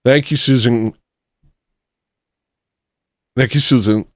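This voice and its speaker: A man's voice: medium pitch, steady tone, slow, no echo, studio quality. A man hosting a livestream, chatting casually and joking as he thanks viewers for donations. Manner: rambling, jokey, reads out super chats. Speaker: livestream host.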